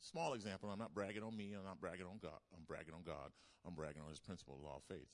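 This sermon comes in a low-pitched voice from a fast-talking preacher at a church service. Repetition of key lines drives his emphasis, and he calls for the congregation's responses.

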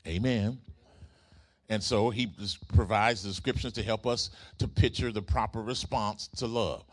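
A man's voice: fairly low pitch, fairly even intonation, normal speed. A man preaching a sermon, using rhythmic repetition and call-and-response with the congregation. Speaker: pastor.

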